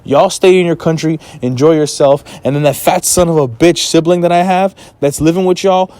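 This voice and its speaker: A man's voice: on the high side, normal speed, a little mellow, no room sound. A man ranting to his viewers in a blunt, profane, heated way, giving life advice. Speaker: vlogger. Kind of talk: casual rant to camera.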